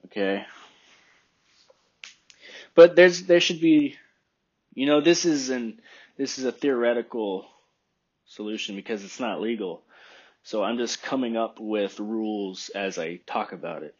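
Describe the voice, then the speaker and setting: A man in a casual monologue, thinking out loud at an unhurried pace and often stopping to question what he just said. His voice sits in an ordinary middle range. The recording is dull and lo-fi. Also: medium pitch. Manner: rambling, thinking aloud, self-questioning.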